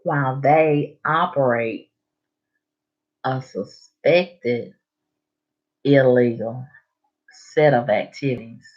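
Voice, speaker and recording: A woman speaks slowly and deliberately, leaning hard on her words and swearing freely as she tells a story. Her voice sits at a middle pitch. The recording is dull and lo-fi. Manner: slow, emphatic and profane. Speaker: vlogger. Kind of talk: casual storytelling vlog. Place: bedroom at home. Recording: dull lo-fi sound.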